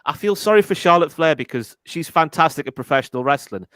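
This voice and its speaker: A man's voice: on the high side, animated, fast, a bit bright, no echo. A young man with a Geordie accent, chatting as a guest on a wrestling livestream, chatty and self-deprecating with lots of fillers. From Northeast England. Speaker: guest co-host. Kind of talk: casual livestream chat.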